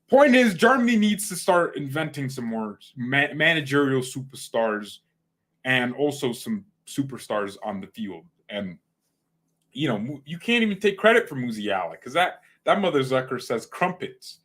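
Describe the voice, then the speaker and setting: A man's voice: medium pitch, sing-song, normal speed, a bit bright. A young man hosting a fan channel, rambling casually and using slang as he reacts to football results. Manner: rambling, slangy, jumps between topics.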